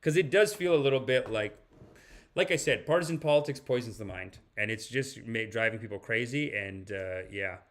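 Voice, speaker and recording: Guy streaming, reacting to clips and chat, rambly, keeps restarting his sentences, average pitch. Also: moderate pace, fairly bright tone. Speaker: podcast host. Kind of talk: live-stream commentary.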